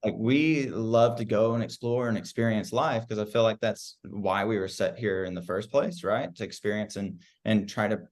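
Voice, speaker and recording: A man's voice: lowish voice, normal speed, few pauses. A man guesting on a podcast, talking upbeat and casually about running his practice, with lots of "like" fillers. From United States. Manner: upbeat, filler-heavy with frequent "like". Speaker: chiropractor guest.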